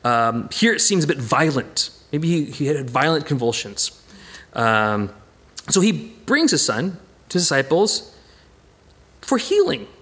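A man's voice: a little high, unhurried, slightly rough. A man leading an informal Bible study, talking it through conversationally with frequent restarts and emphatic bursts. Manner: animated and emphatic. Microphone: presentation with slides.

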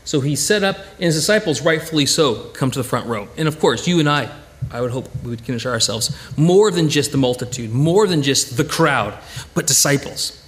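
A man preaching a sermon as a pastor, lively, with frequent restarts and fillers. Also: mid-range voice, fairly quick, in a large hall. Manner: lively, many restarts and "you know".

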